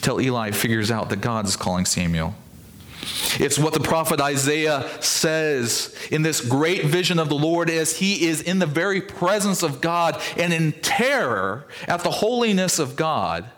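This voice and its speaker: Man preaching an expressive sermon. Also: fairly high pitch, measured pace. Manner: expressive preaching, acts out quoted speech. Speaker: pastor.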